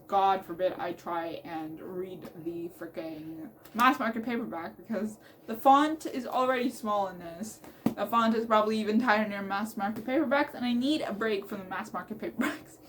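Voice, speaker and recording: A young woman book vlogger chatting casually and excitedly about her reading, rambling and laughing as she goes. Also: medium pitch, a little hiss or hum. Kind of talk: casual chat.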